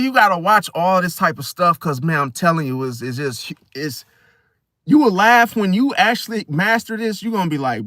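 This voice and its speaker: A man hosting a casual astrology talk, animated and slangy, often acting out other people in high voices. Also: no room sound, studio quality. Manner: slangy, addresses listener as bro. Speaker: astrology video host. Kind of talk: casual spoken monologue.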